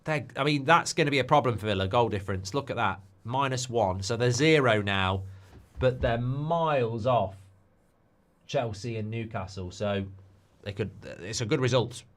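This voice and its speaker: A man hosting a live football watchalong, chatty and animated, with quick asides about the scores. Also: medium pitch. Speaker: host.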